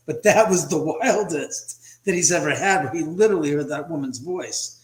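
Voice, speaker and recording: A man chats from home over a video call, his voice a bit higher than most men's. He tells his story with animation and acts out quotes, and the room around him gives a clear echo. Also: moderate pace. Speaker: guest, house owner and author. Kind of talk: casual livestream chat.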